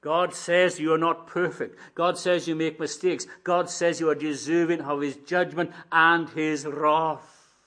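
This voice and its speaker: An older man preaches a sermon in a fairly high voice with little pitch movement, speaking a little slowly. He swings between quiet asides and loud, emphatic declarations, acting out both sides of imagined dialogues.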